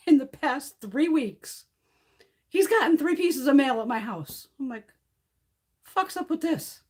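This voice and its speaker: A middle-aged woman chats on her makeup live stream at home, cursing freely as she tells her stories. Her voice sits a little high and swoops up and down with lively energy, and laughter keeps breaking into her talk. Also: a little slow, long pauses. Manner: blunt, heavily profane storytelling. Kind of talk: casual chat.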